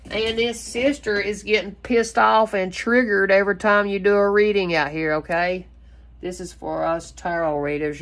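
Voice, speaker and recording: A woman giving a casual tarot reading, talking emphatically in a rambling way and swearing freely. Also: medium pitch. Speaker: tarot reader.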